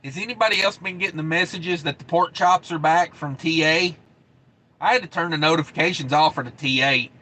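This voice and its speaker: A man's voice: on the high side, fairly quick, bright, forceful tone. A man in his thirties hosting a live trucking stream, chatting casually and reading comments with a laid-back drawl and many fillers. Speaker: trucking channel host.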